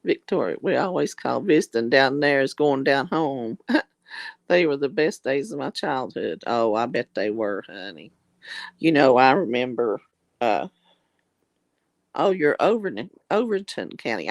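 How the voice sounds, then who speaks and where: Southern woman from east tennessee, slow easy drawl, gravelly, sweet-talking her live chat. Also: rumbling low, very animated, dry recording. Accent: Southern US drawl, East Tennessee mountains. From East Tennessee, American South. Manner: folksy, affectionate, calls viewers darling and honey. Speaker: livestream host reading viewer comments. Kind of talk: casual livestream chat.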